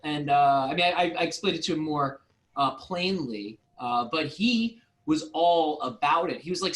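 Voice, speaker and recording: A man co-hosting a casual online chat, telling stories in an animated way and laughing often. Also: fairly high pitch, a little slow, low-quality recording. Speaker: co-host.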